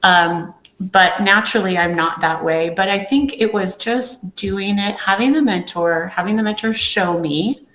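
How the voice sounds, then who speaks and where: A woman's voice: mid-range voice, a little slow, hardly any pauses, fairly bright tone. A woman guest on a podcast, talking candidly and telling her story with acted-out quotes. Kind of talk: casual interview talk. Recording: echoey room.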